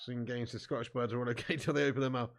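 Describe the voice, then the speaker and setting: A man's voice: mid-range voice, steady tone, racing, vocal fry. A man hosting a football watch-along stream, reading out viewer comments in casual, jokey banter and laughing often.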